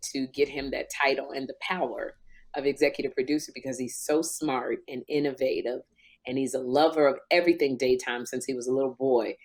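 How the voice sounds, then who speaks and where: Animated woman in her fifties, storytelling. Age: 50s. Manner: animated storytelling, emotional, big pitch jumps in quotes. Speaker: talk show host. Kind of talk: casual podcast chat.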